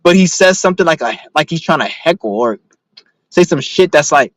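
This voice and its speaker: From the driver's seat, a young man vlogs in a slightly high, expressive voice at a brisk clip, cursing and rambling as he tells stories in an agitated, blunt manner. No echo, but the recording is low quality.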